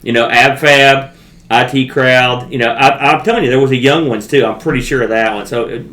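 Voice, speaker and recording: A man's voice: medium pitch, a little fast, fairly bright tone. A man co-hosting a podcast in casual chat, joking and rambling. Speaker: podcast co-host. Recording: roomy with faint background noise.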